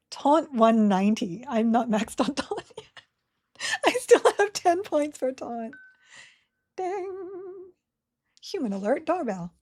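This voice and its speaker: A giggly woman narrating her game on a live stream, slightly high in pitch, with a mellow, soft tone. She talks slowly and casually, laughing often and chatting to her viewers and characters. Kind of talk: casual live gameplay commentary.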